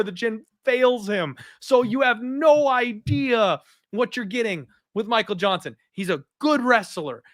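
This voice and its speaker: A man hosting a betting podcast, talking in a blunt, animated and opinionated way. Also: high voice, no echo, studio quality. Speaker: podcast host. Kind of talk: casual betting podcast chat.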